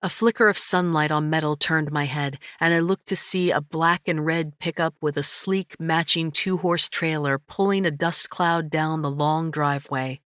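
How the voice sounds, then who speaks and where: A woman narrating a first-person audiobook in a measured, reflective way. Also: sits low, steady tone, a bit bright, no room sound, studio quality.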